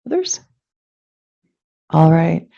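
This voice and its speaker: A woman chairs a formal meeting in a brisk, procedural way, often catching and correcting her own words. Her voice is mellow and dark in tone. The audio is dull and lo-fi. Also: deep voice, very animated, creaky. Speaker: commission chair. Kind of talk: running a public meeting vote.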